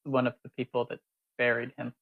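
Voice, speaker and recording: A man playing in a tabletop game, speaking in an earnest, halting way. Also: medium pitch, completely flat delivery, narrow, tinny audio. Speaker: player. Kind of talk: tabletop role-play.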